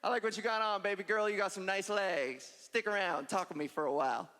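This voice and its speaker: A woman voicing a cocky man catcalling from a bike, with a smooth, slangy come-on. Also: mid-range voice, a little fast, fairly bright tone, close to an everyday voice. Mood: flirty. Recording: echoey hall with crowd.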